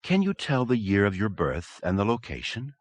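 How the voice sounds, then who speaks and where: A man reading the part of a woman psychiatrist, calm and commanding as she questions a hypnotized patient. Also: lowish voice, normal speed, dry recording. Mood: in control. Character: cool, authoritative woman psychiatrist.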